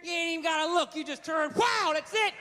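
A man's voice: extremely high pitch, a little fast, pitched above the performer's own voice. A man voicing a folksy, self-assured redneck gun-store clerk who drawls and repeats himself. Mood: insistent. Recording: stage recording in a big hall, faint noise.

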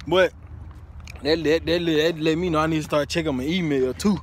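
A young man, a college student, chatting casually to the camera, slangy and animated, swearing and then saying sorry. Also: fairly high pitch, fairly quick, slight background noise. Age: young adult.

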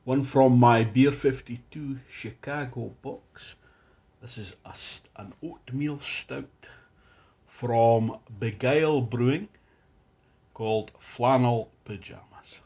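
A man giving a casual, chatty beer tasting review at home, describing the beer in relaxed detail. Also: mid-range voice, slow pace, highs cut off. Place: at home near his Christmas tree.

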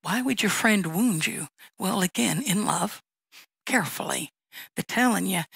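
A woman pastor delivers a sermon with a gravelly, slightly creaky voice. She teaches in a conversational way, reading out Bible verses between plain everyday examples. The sound is close and dry, with no room around it. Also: mid-range voice, animated, a little slow, fairly bright tone, no echo, poor audio. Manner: conversational teaching, reads scripture aloud, acts out little dialogues.

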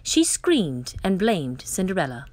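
A woman reading a children's story aloud as the storyteller, in an expressive, lilting way. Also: lowish voice, a little slow, no echo.

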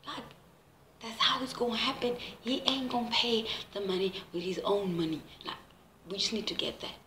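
A young South African woman with a South African accent, ranting to camera in a casual comedic vlog, animated and exasperated. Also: on the high side, normal speed, noisy background. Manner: animated, exasperated, swears freely. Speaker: vlogger. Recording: echoey room with loud music behind.

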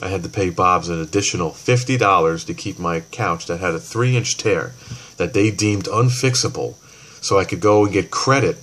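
Heated ranting man, lowish voice. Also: moderate pace, a bit bright. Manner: heated, swearing, rambling with restarts; acts out both sides of phone calls. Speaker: vlogger ranting about a store. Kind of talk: casual rant.

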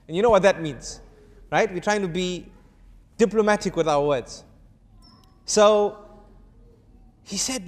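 A man preaching to an audience, telling a story and acting out its dialogue with animated shifts of voice. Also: high-pitched, normal speed, long pauses, long reverb tail. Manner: urges the audience to answer. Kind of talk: storytelling sermon.

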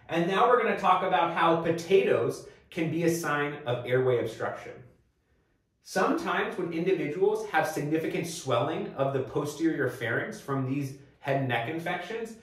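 A man lecturing on medicine in a methodical, step-by-step way, now and then turning to the viewer with questions. His voice sits a little high for a man. He sounds set back from the mic, and the room around him rings with heavy echo. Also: distant mic. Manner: clear, methodical teaching with rhetorical prompts. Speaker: medical educator.

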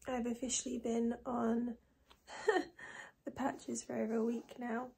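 A woman in her twenties talking casually in a video diary, soft and breathy, often near a whisper, low and tearful. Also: level tone. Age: 20s. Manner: soft, breathy and often close to a whisper, with many pauses and fillers. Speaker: vlogger.

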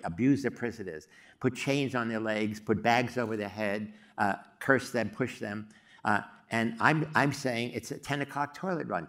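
An older man giving a storytelling lecture, halting often with uh and um. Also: mid-range voice, a bit bright. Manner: halting, many uh and um fillers. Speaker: psychology professor giving a talk.

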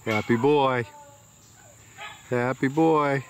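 A man's voice: mid-range voice, extremely slow, low-quality recording. A man who breeds dogs narrates casually while filming outdoors with a handheld camera, proudly commenting on the animals. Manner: proud, fond commentary on the puppies. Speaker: dog breeder. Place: outdoors in a yard by a quail coop. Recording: outdoor noise with crickets and insects.

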